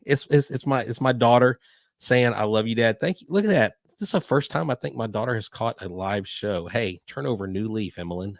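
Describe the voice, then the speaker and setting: An older man hosting a live podcast, talking in a hyper, rambling way. His voice sits a little low, and the sound is dry and close. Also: creaky, no echo. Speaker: podcast host. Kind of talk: live-stream casual chat.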